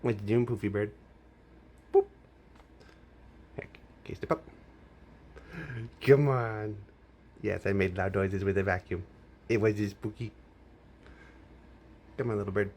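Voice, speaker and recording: A man's voice: fairly low pitch, fairly even intonation, unhurried, pauses often, a little mellow, slight background noise. A man chatting playfully to his pet bird at home in a kitchen, using sing-song baby talk and laughing often.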